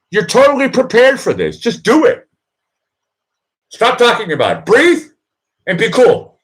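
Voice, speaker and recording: An emphatic Boston-accented man, a host and producer, delivers a live chat pep talk. His coaching is repetitive, and his voice rises loud and high on the mantras.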